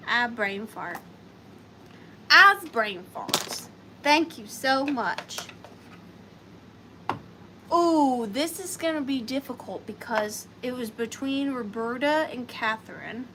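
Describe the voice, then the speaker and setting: A woman's voice: on the high side, takes it slowly, noisy background. A woman hosting a live online sale, chatting playfully with viewers and calling them by name. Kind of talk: chatty live-stream selling.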